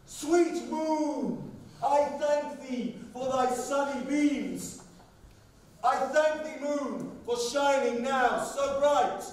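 An actor playing an overblown, lovesick stage hero on a theatre stage, declaiming in mock-tragic style. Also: male voice, very high voice, drawn-out words, slight background noise, heavily acted. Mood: mock-heroic. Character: Pyramus, a lovesick young hero played by a clumsy craftsman. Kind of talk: amateur stage acting. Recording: echoey hall from far off.

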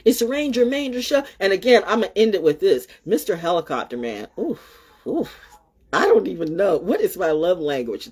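A woman with a husky, slightly breathy voice hosts her own solo show. She rambles and repeats phrases, curses freely, and swings between loud outbursts and near-murmured asides. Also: lowish voice, very animated, normal speed. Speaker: show host. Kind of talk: rambling solo livestream talk.

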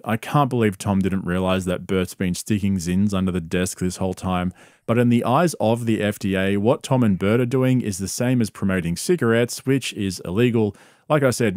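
Measured man narrating a commentary video. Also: lowish voice, a little mellow, dry recording, studio quality. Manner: measured, explanatory.

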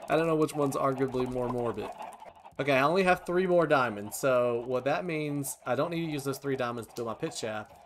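A man hosting a video game let's play, chatting casually and often bursting into high-pitched shouts and laughter. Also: fairly quick, a little hiss or hum. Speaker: gaming channel host.

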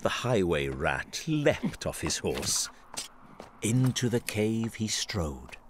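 A man narrating a rhyming storybook in an animated film, with measured storytelling over music. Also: fairly low pitch, noisy background. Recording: music underneath.

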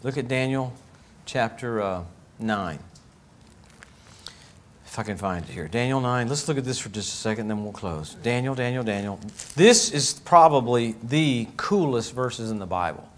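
A man preaching a lively, joking sermon as pastor of a church, acting out little voices as he goes. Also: medium pitch, moderate pace, slight background noise. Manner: animated, jokey, acts out voices.

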